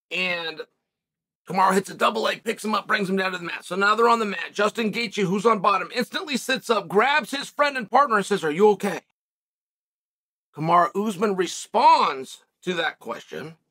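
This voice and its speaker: A man's voice: high voice, bright, forceful tone. A man hosting an opinionated commentary monologue, speaking in an emphatic, argumentative way with sarcastic asides. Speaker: host.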